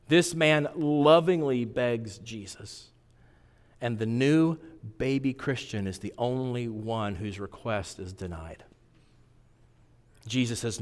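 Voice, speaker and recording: Animated male preacher in a reverberant hall. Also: mid-range voice, takes it slowly. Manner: animated, swinging from loud emphatic peaks to quiet intense asides. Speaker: pastor. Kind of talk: sermon.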